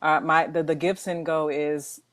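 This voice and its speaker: A woman appearing as a guest audio expert, speaking in a measured way with frequent pauses. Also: low-pitched, little pitch movement, a bit bright, no echo. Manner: measured, with hesitations and fillers. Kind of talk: interview.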